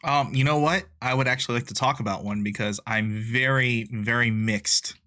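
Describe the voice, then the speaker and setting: A man's voice: medium pitch, moderate pace, bright, forceful tone. A man co-hosting a casual podcast chat, joking around and laughing often. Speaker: podcast co-host.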